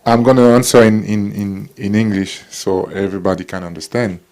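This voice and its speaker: Deep, mellow man speaking English. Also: fairly even intonation. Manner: warm, encouraging, halting restarts. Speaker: guest speaker, former footballer. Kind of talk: casual talk to young audience.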